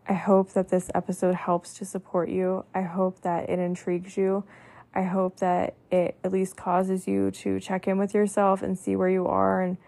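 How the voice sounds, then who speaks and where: Earnest low-voiced woman with gravelly fry. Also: darkish tone. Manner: earnest, repetitive lists, frequent "like" fillers. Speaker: podcast host. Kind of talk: heartfelt motivational monologue.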